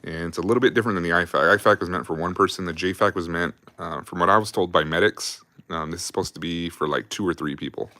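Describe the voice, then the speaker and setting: A man's voice: sits low, quick pace, few pauses, sharp tone, no room sound. A young adult man telling army stories on a livestream in a casual, rambling, profane way, laughing often. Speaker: livestream host.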